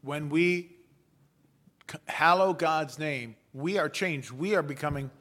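A man preaching a sermon as a pastor, with a measured storytelling delivery and playful asides. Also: on the high side, a bit bright.

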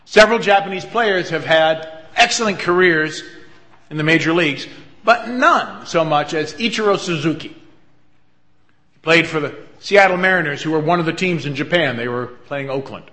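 Male pastor, earnest storyteller, bright and forceful tone. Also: fairly high pitch, lively intonation, moderate pace. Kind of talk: sermon.

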